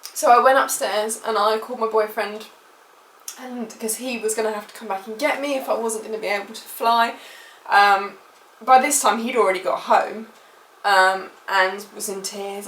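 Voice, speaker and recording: A woman's voice: medium pitch, fairly even intonation, normal speed, a bit bright, a little hiss or hum. British woman vlogger, emotional rambling storytime, roomy and off-mic. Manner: emotional, rambling retelling with many fillers. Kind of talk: personal storytime vlog. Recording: echoey room, mic at a distance.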